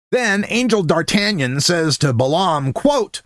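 A man's voice: expressive, normal speed, hardly any pauses, fairly bright tone, no room sound, studio quality. A man sarcastically retelling an old story as comedy, profane and mocking, jumping in and out of quoted voices. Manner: sarcastic, profane, swings pitch widely for jokes and quotes.

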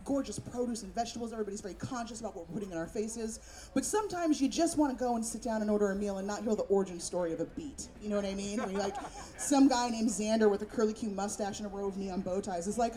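A woman's voice: mid-range voice, quick pace, warm tone. A woman from San Francisco doing a brash, profane stand-up set as a storytelling comedian. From San Francisco, USA. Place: comedy club stage. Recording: live club with audience.

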